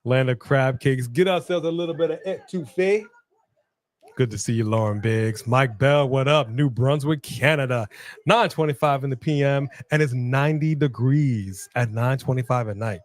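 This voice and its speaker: A man co-hosting a live wrestling watch-along stream in casual chat, loosely joking and reading out viewer shout-outs. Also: mid-range voice, normal speed.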